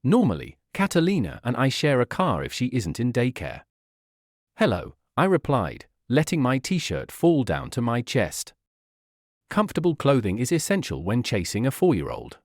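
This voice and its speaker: A man narrating a first-person story in a very animated, expressive way. His voice sits at a middling pitch but swings widely. The recording is very dry and close. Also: moderate pace, no room sound.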